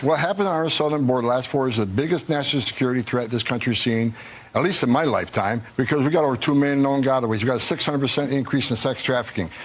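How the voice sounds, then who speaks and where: A man giving a blunt, emphatic interview answer as a government official. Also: medium pitch. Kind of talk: interview answer played in a clip.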